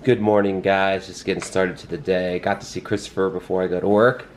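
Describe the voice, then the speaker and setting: A man's voice: low-pitched, little pitch movement, fairly quick, slight background noise. A young man casually vlogging about his day, joking and teasing himself. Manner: jokey, self-mocking, playful with his toddler. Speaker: vlogger and dad. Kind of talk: casual vlog chat.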